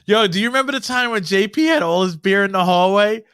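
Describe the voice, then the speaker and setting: A man who is a podcast guest, chatting casually in an animated, profane way and laughing often. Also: sits high, fast talker, smooth, no room sound, studio quality. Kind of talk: casual chat.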